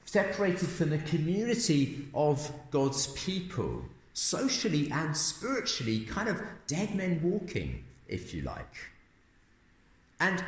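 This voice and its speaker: A man preaching a sermon as pastor, emphatic and animated, with sudden jumps in pitch. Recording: roomy church room echo.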